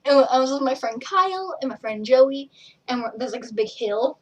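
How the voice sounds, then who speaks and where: A woman's voice: high voice, expressive, moderate pace. A young woman chatting casually to camera, rambling from one tangent to the next and acting out what people said. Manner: rambling, jumps between tangents, acts out quotes. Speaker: vlogger and page admin. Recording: voice a bit distant from the mic.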